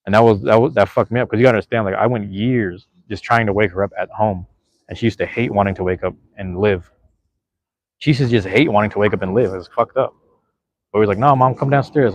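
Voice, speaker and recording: A man's voice: sits low, dry recording. A man in his thirties, a podcast host, rambling and swearing casually while reading chat, with many restarts.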